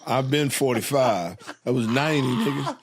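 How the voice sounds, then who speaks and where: A middle-aged man, a guest comedian, telling stories in a relaxed, profane way during a casual chat. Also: medium pitch, moderate pace, background noise. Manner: laid-back, profane storytelling.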